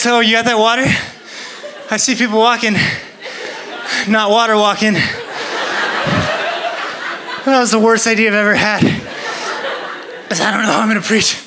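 A young man preaching to children, out of breath and talking in jokey, laughing asides. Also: high voice. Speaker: youth preacher. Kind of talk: energetic kids' sermon.

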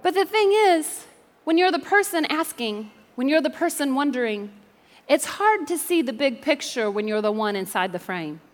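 A woman's voice: high voice, expressive, normal speed. A woman preacher giving a sermon in a church, telling Bible stories with playful jokes and call-and-response to the audience. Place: church sanctuary. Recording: long reverb of a large church hall.

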